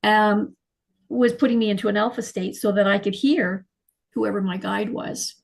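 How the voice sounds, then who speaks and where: A middle-aged woman, telling her life story as an interview guest in an animated, emotional way. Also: medium pitch, normal speed, gravelly, poor audio. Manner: animated, emotional, frequent fillers and restarts. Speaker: guest, clairvoyant healer.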